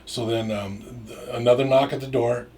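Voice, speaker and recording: As a storyteller guest, a middle-aged man from Minnesota rambles through a long casual anecdote, with many fillers and restarts and the odd swear. His mellow, mid-range voice keeps a moderate pace and fairly even intonation, recorded on a distant mic with faint noise.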